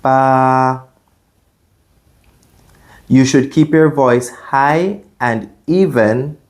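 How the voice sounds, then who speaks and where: Male language tutor, mid-pitched, very unhurried; patient and clear, modeling sounds for beginners. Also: darkish tone. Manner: patient, demonstrates sounds with repetition. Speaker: Chinese language teacher.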